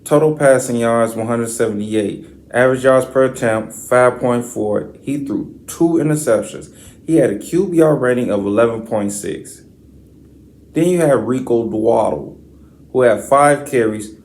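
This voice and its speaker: A man's voice: medium pitch, a little slow. A man hosting a sports podcast, reading stats and then ranting with profane, slangy trash talk. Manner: reads stat lines in a flat list. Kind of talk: sports commentary rant.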